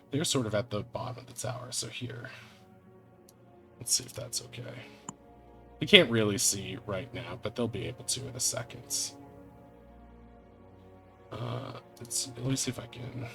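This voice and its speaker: A man narrating as game master of a tabletop game, chatty and laughing as he goes, with music behind him. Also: on the low side.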